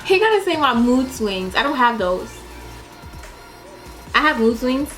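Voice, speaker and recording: A young woman chatting in a casual question-and-answer vlog, dramatic and animated, laughing often and swearing. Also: high voice, unhurried, faint music behind. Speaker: vlogger.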